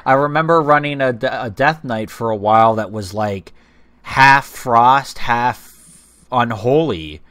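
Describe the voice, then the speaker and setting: A man co-hosting a casual podcast chat in a laid-back way, often trailing off quietly. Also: mid-range voice, unhurried, smooth, dry recording. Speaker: podcast co-host.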